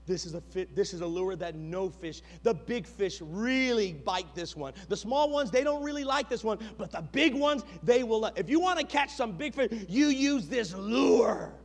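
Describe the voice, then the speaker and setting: Coaxing fishing-show pitchman put on by a man, lively swoops, big echoey hall. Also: moderate pace, few pauses. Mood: salesy. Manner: salesy, coaxing. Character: eager male TV fishing host selling a lure. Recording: long echoey hall reverb.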